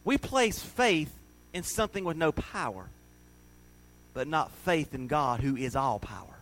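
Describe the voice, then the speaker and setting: High-voiced pastor preaching. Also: male voice, very animated, measured pace, fairly bright tone, low-quality recording. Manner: conversational, emphatic, joking with the congregation. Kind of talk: sermon.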